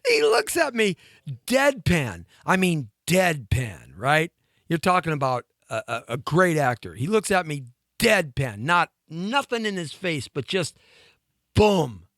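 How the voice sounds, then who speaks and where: Animated middle-aged male storyteller, dry studio sound. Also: on the high side, measured pace, no echo. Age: 50s. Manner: animated anecdotal storyteller with laughs and restarts. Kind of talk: storytelling on a talk show.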